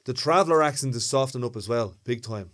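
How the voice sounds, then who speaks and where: A man's voice: mid-range voice, fast, a bit bright. Dublin man, co-host, thoughtful and agreeable, easy talk. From Ireland. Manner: reflective, agreeable, explains with examples. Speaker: podcast co-host. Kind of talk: casual chat.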